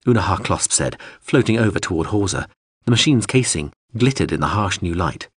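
A man narrating a science fiction audiobook in a measured, expressive storytelling way. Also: deep voice, slightly rough, dry recording, clean studio sound. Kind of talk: scripted narration.

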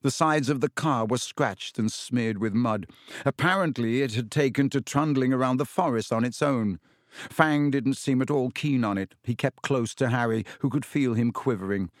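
A male audiobook narrator reads a story in a steady, even manner from a script. His voice is mid-range and moderately paced, recorded at studio quality with no echo.

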